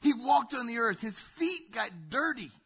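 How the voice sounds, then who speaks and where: Man, pastor, sermon, bright edgy tone, lively storytelling, loud to hushed. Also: extremely high pitch, normal speed, husky, lo-fi sound. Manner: animated storytelling, swings between loud and hushed.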